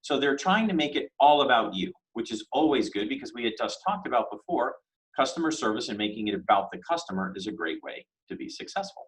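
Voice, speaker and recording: A man teaching a casual business lesson, talking conversationally with rhetorical questions and lively emphasis on key words. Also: medium pitch, a little fast, poor audio. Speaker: business instructor.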